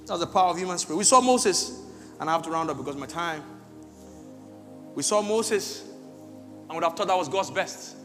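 A man preaching a sermon as pastor, swinging between loud shouts and quiet asides. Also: a little high, expressive, normal speed, long pauses. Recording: echoey hall with faint music.

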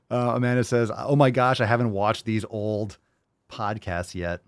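A man's voice: on the low side, dry recording, studio quality. A man hosting a casual livestream podcast, reading viewer comments with crude, sarcastic jokes and a lot of swearing. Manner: animated, reads viewer comments aloud. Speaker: podcast host.

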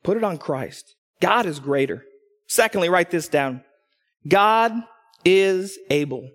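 A man with a high voice preaches from a church stage, telling stories and acting out the people in them. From Texas, he slips into voices for quotes. The sound carries with a long hall reverb. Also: a little slow, pauses often. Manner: animated storytelling, acting out quotes. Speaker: pastor. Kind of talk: sermon.

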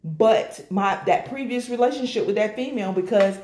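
A woman sharing a personal church testimony in an animated storytelling way, acting out the voices of the people in it. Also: mid-range voice, moderate pace, a little hiss or hum. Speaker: guest. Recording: echoey room.

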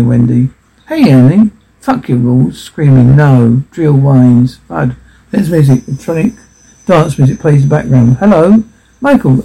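Husky man reading captions in a dark voice. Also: a little high, low-quality recording. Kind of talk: reading out film dialogue and sound captions.

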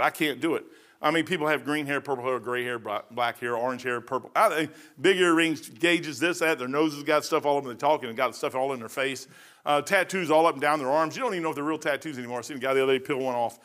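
A man's voice: a little high, quick pace, a bit bright. A man in his sixties preaching an informal sermon in a folksy, rambling way with joking asides. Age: 60s.

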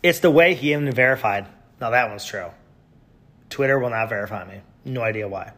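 A man hosting a podcast, reading out tweets with sarcastic, mocking commentary and sudden loud yells. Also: mid-range voice, a little fast. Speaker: podcast host.

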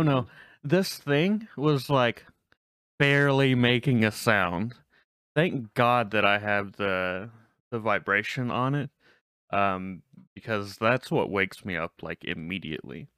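Slow, smooth-voiced podcast host. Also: male voice, on the low side, animated, pushed and bright, no echo. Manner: laid-back, teasing, laughs easily. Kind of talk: casual chat.

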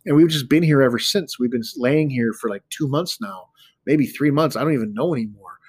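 A man's voice: medium pitch, fairly quick, husky, no echo, lightly acted. A man doing lazy, offhand villagers. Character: lazy sugar-fed villagers, drowsy.

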